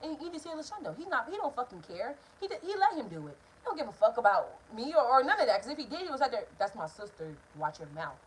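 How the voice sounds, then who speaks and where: Young woman ranting thru a storytime vlog, talks real fast, lotta cussing, bit of hum behind her. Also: sits high, poor audio. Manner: animated, profane, talks straight to viewers. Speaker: vlogger.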